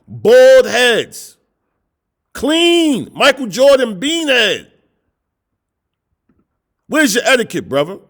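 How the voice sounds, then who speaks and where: A man's voice: high voice, pushed and bright. A middle-aged man preaching a confrontational sermon, scolding his listeners with repeated rhetorical questions and blunt, profane language. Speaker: street preacher.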